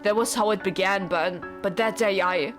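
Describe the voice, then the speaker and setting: A woman with a mid-range, natural voice reads at a moderate pace. She voices a lovesick, formal young husband from a visual novel, earnest and pleading, while game music plays behind her.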